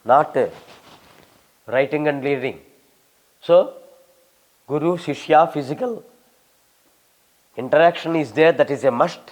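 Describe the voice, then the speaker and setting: A man in his sixties with a Telugu accent, a visiting scholar answering questions in a fast, humorous and emphatic way. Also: on the high side. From Telugu-speaking South India. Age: 60s. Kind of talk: lecture-style Q&A.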